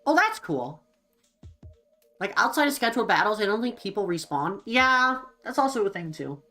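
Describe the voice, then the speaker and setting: A woman's voice: medium pitch, moderate pace, faint music behind, poor audio. A young woman streaming a game and chatting casually with viewers in a rambling style, full of fillers. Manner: rambling, filler-heavy, lively.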